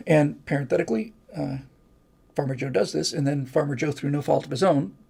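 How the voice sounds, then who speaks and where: A man's voice: a little high, a little fast, vocal fry, warm tone, husky. An older man hosting a live stream, chatting casually and reading comments in a rambling, folksy way. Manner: rambling, folksy, restarts and asides.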